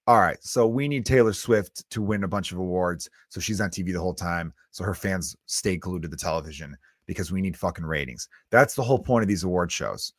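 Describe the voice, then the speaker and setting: A man's voice: low-pitched, brisk, hardly any pauses, no room sound, studio quality. A man in his thirties hosting a solo comedy podcast, ranting bluntly with lots of swearing. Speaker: podcast host.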